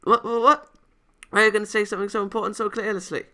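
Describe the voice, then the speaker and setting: A man's voice: high voice, fairly even intonation, racing, bright, forceful tone, voice pushed up. A man voicing a blunt, boyish young female karate fighter who scolds and gets flustered. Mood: flustered, scolding. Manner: scolding, flustered, calls people idiot.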